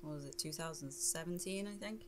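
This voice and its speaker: A woman in her twenties with an English accent, a tattoo artist chatting as a guest on a podcast, relaxed and quick to laugh. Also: low-pitched, slight background noise. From England. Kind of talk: casual chat. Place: indoor podcast room.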